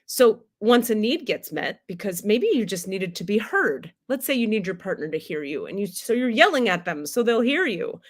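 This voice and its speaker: Candid, animated woman hosting a livestream. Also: mid-range voice, moderate pace, hardly any pauses. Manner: candid, animated, swears freely, laughs often. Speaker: spiritual teacher hosting a livestream. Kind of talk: casual livestream talk.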